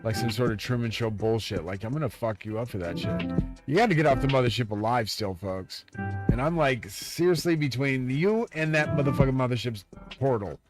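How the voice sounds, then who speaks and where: A man live-streams a ranting monologue straight to his viewers, profane, agitated and grandiose. His medium-pitched voice has lively intonation and a fairly quick pace, with loud music playing behind him.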